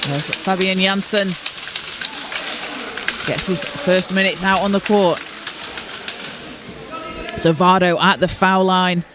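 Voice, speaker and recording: Man, high voice, live sports commentator, courtside, steady informative delivery. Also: takes it slowly, pauses often, background noise. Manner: steady, informative, with occasional restarts. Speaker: play-by-play commentator. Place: courtside at a basketball arena.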